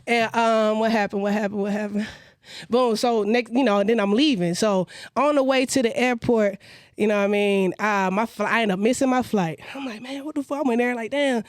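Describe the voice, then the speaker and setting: A woman singer-songwriter telling an animated, profane story in a casual interview. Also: a little high, fairly quick, no echo, studio quality.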